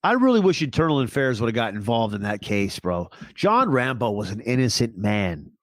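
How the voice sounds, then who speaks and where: A man co-hosting a casual comedy podcast, profane and deadpan, with mock-serious asides. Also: mid-range voice, normal speed, dry recording, clean studio sound. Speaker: podcast co-host.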